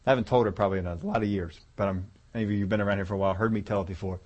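A man's voice: on the low side, steady tone, racing, a little mellow, highs cut off. A man preaching a sermon in a folksy, conversational way, rambling a little as he tells a story to his congregation.

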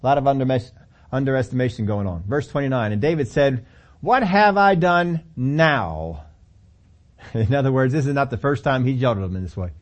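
A man's voice: medium pitch, quick pace, darkish tone. A middle-aged male pastor preaching a sermon, telling the story animatedly with acted-out quotes and chuckles.

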